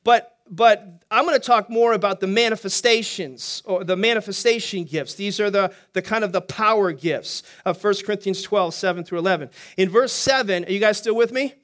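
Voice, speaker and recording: A man preaching as a pastor, teaching quickly and energetically and throwing questions to the congregation. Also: high voice. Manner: energetic, talks fast, asks the congregation questions. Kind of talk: sermon teaching.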